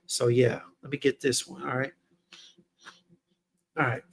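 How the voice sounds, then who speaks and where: A man's voice: mid-range voice, flat delivery, a little slow, creaky, slight background noise. A laid-back man hosting a casual livestream fragrance review, chatting with his viewers in slang. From Texas.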